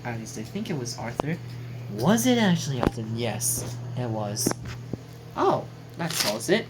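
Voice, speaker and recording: A woman's voice: rumbling low, very animated, a little slow, very noisy. A woman casually reading out and joking about lines from a class quote journal, chatty, rambling and swearing now and then. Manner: chatty, jokey, swears casually, trails off mid-sentence.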